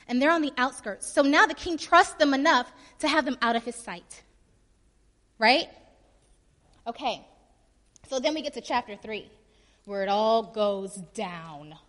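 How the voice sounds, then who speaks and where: A woman preacher telling a Bible story in a lively, conversational sermon full of slang asides. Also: fairly high pitch, long reverb tail.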